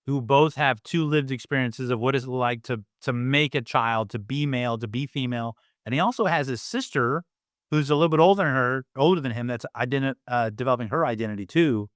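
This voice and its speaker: Reflective father musing, smooth clear voice. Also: medium pitch, fairly bright tone, dry recording, studio quality. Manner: reflective with many fillers, acts out his kids' voices. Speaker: podcast guest, father. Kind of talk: casual conversational interview.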